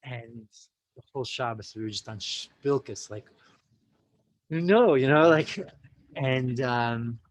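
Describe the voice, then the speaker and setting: A man's voice: medium pitch, slow, long pauses, poor audio. A man from the United States, a podcast guest, telling a story casually and animatedly. He acts out quotes, fills his talk with "like" and "you know", and mixes in Yiddish and Hebrew religious terms. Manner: peppers speech with "like" and "you know".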